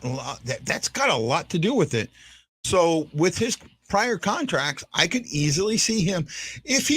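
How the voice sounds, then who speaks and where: A man hosts a casual fan stream, talking in a rambling, chatty way and teasing his viewers. His slightly high voice swings up and down with a lot of life. The sound is dry, with no room echo. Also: fairly bright tone. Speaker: fan podcast host. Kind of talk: casual live-stream commentary.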